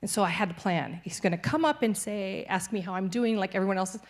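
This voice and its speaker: A woman's voice: mid-range voice, fast. A young adult woman, a missionary, giving a cheerful church testimony and laughing easily through hard news. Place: church sanctuary.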